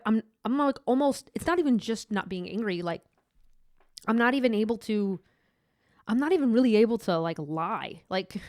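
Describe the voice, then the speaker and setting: A woman's voice: mid-range voice, no room sound. Woman podcaster, candid testimony, rambling delivery, dry close sound, mid-range voice. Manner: rambling, candid, many restarts and fillers. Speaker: podcast host. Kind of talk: personal faith testimony.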